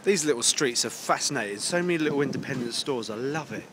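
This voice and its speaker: A man's voice: mid-range voice, animated, fast talker. Jokey man vlogging outdoors. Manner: jokey, chatty, teasing. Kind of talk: casual vlog narration. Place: outdoors, windy seaside town streets. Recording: windy outdoor noise, traffic.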